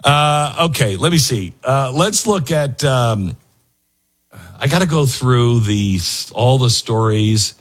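A man's voice: medium pitch, slightly rough. A man hosting a talk radio show, rambling and self-mocking as he reads ads and reacts to headlines. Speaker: radio host.

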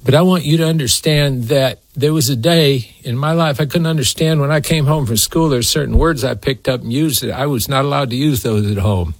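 A male preacher delivering a folksy, emphatic sermon at a middle pitch. His voice is close and dry, with no room sound around it. He leans into key phrases and slows down to drive them home. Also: no echo. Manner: folksy, emphatic, talks to co-host by name.

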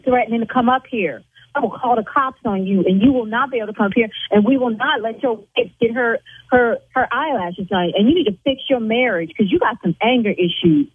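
A woman who owns an eyelash salon, arguing indignantly on a phone call, her voice climbing high when she gets angry. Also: husky, dry recording. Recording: tinny phone line.

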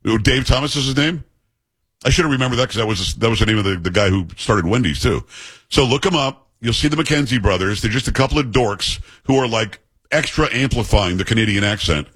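Middle-aged male talk host, husky, casual banter with a teasing streak, dry close studio sound. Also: mid-range voice, lively intonation, a little fast, fairly bright tone, no echo. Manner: chatty, joking, teasing asides.

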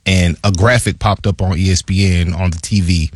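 A man, a former football player, chatting casually about his career as a podcast co-host, acting out quotes in a higher voice. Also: moderate pace, breathy edge, dry recording. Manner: animated storyteller, acts out quotes in a higher voice. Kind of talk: casual sports chat.

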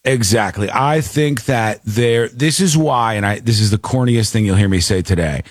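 A man's voice: fairly low pitch, normal speed, no echo, studio quality. A man hosting a talk show, ranting in casual banter with mock outrage.

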